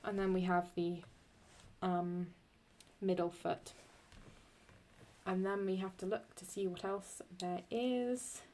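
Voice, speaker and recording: A woman talks through a Latin meter lesson at an unhurried, slow pace. She thinks aloud, corrects herself as she goes, and draws out the Latin verses deliberately. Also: medium pitch, steady tone, mellow, slight background noise. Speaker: Latin teacher. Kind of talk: screen-recorded lesson.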